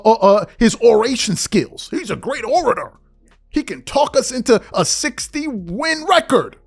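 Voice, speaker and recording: A man on a podcast, ranting about sports with a lively voice that swings up and down. He is confrontational and mocking, and calls his listeners out directly. Faint music plays softly behind him. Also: high-pitched. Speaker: podcast host. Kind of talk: heated sports commentary rant.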